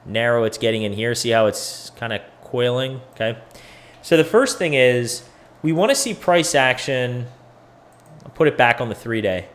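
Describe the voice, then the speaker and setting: A man's voice: medium pitch, animated, a little slow, a bit bright. Tired, casual man walking through charts. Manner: loose, profane, thinking aloud. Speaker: crypto educator and host. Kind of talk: casual chart analysis video.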